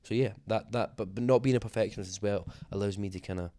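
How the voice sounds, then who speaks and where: A man's voice: lowish voice, fast, warm tone. A man being interviewed as a singer, talking casually in a rambling, self-deprecating way with many fillers and restarts.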